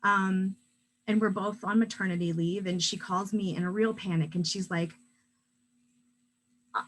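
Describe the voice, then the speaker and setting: Hoarse woman storyteller, wry and chatty, faint hum behind. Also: mid-range voice, steady tone, unhurried, pauses often, fairly bright tone, low-quality recording. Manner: wry, chatty, with frequent fillers. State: hoarse from illness. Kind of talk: personal storytelling.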